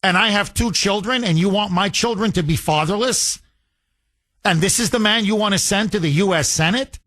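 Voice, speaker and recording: Middle-aged male talk radio host, heated and emphatic, bright forceful tone. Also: high-pitched, moderate pace. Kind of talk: political talk radio monologue.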